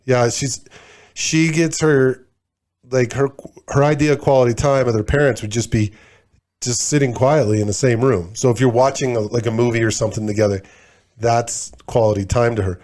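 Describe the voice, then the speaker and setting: A man's voice: medium pitch, fairly even intonation, moderate pace, darkish tone. A man in his forties co-hosting a podcast, telling stories in a blunt, laid-back way and swearing freely. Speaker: podcast co-host. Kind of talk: casual chat.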